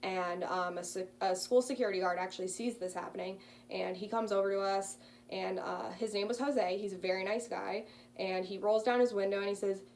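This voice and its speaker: A woman's voice: mid-range voice, fairly even intonation, fairly quick, darkish tone. A woman in her early twenties, a student casually telling a personal story with frequent ums. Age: early 20s. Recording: distant mic with faint hum.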